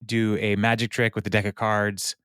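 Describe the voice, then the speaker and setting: A man's voice: on the low side, flat delivery, moderate pace, a bit bright, clean tone, dry recording, clean studio sound. A man co-hosting a podcast, casually recapping an episode and animatedly acting out the characters' lines. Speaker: podcast co-host.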